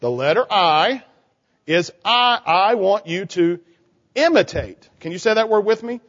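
In a church sanctuary, a man gives a children's sermon, drawing the kids out with questions. His voice sits high and is expressive, unhurried, and fairly bright. The recording is dull and lo-fi, with the reverb of a church hall.

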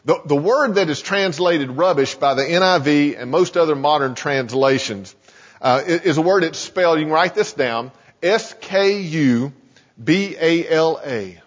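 A pastor giving a sermon, earnest and emphatic, often restarting phrases and slowing down to stress key points. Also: male voice, on the high side, fairly bright tone. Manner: earnest preaching with many restarts and slow emphasis. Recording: muffled sound with long hall reverb.

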